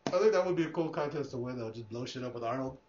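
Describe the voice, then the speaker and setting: A man's voice: mid-range voice, animated, racing, darkish tone, a little hiss or hum. A man hosting a casual podcast, rambling and swearing, often laughing. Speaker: podcast host. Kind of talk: casual chat. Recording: echoey room, dull lo-fi sound.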